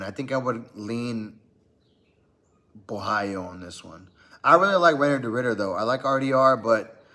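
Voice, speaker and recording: Male podcast host, casual fight-preview chat, relaxed and filler-heavy delivery. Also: mid-range voice. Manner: loose and conversational, lots of "man" and "uh". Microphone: podcast mic.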